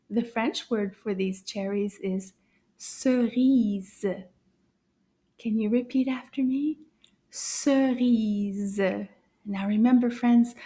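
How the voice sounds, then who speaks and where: A woman teaching a children's French lesson in a cheerful, sing-song way, speaking slowly and clearly for young learners, sometimes dropping to a soft whisper. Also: fairly high pitch. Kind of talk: kids' language lesson.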